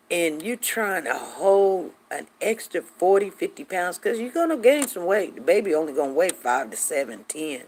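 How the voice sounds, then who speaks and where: Middle-aged lady hosting a live chat, gabby, slightly low voice, acts out the quotes. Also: a little hiss or hum. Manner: chatty, animated, acts out quotes, drawls. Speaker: host greeting live viewers. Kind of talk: casual chat storytelling.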